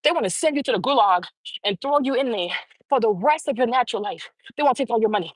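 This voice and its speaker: A woman's voice: fairly high pitch, expressive, fast, slightly rough, no room sound. A woman hosting her own show, giving heated, profane opinion commentary and repeating phrases for emphasis. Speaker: show host.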